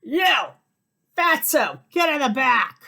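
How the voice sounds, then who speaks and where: A woman putting on a loud boastful drunk man. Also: very animated, normal speed, breathy edge, heavily acted. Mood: barking. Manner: brash, bragging, booming.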